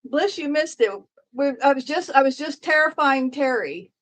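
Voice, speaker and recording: A woman with a high voice chats casually through a live stream. She rambles, repeats her words and jokes with her viewers in the chat. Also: moderate pace, fairly bright tone, rough recording. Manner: rambling, repeats herself, joking and talking to chat.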